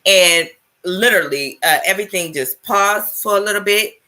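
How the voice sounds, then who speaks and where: A woman's voice: mid-range voice, moderate pace, bright, forceful tone. A woman in her thirties telling a personal story straight to camera, emphatic and salty, checking in with listeners after nearly every phrase. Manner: emphatic, checks in with frequent "right?" and "okay?"; swears casually. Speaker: spiritual vlogger.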